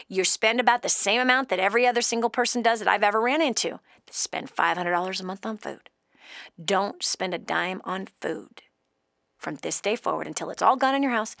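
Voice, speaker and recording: A woman hosting a call-in show as a financial coach, lecturing a caller with blunt, emphatic tough love that swings between loud emphasis and low, quiet urging. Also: no echo, clean studio sound.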